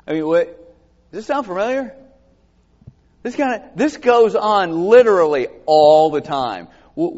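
A man's voice: high voice, unhurried. A man preaching a conversational sermon to a congregation, reading scripture aloud and asking them questions. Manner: animated, expressive, asks the congregation questions. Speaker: pastor. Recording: dull sound with long hall reverb.

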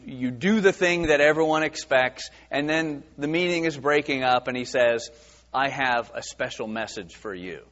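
This man's voice is medium-pitched with a fairly bright tone, recorded dull with long reverb in a big hall. Teaching a Bible passage verse by verse, he keeps it conversational, leans on lots of fillers, and performs the quoted voices.

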